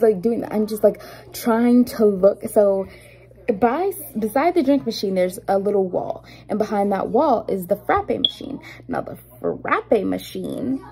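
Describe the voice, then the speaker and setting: A young adult woman talks casually to her viewers while doing her makeup at home. Her voice sits a little high but is warm and mellow. She tells her story in an animated, indignant way, full of fillers. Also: poor audio. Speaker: vlogger.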